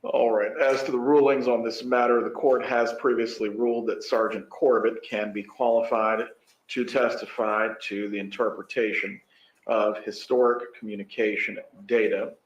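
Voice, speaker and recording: A male judge delivering a ruling in a courtroom, measured and dry with a wry edge. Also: medium pitch, little pitch movement, muffled recording. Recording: echoey courtroom audio.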